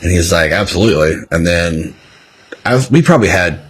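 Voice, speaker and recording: A man, a comedy venue owner telling animated stories in casual podcast chat and swearing freely. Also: sits low, moderate pace, husky.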